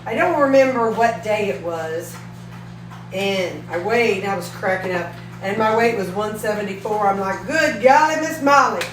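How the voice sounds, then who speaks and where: A talkative woman chats casually while cooking at home. Her voice sits at a middle pitch and carries a roomy echo off the kitchen walls. Faint sizzling runs underneath. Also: moderate pace, recorded from a distance, background noise. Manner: chatty, folksy, talks while cooking. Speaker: weight-loss vlogger.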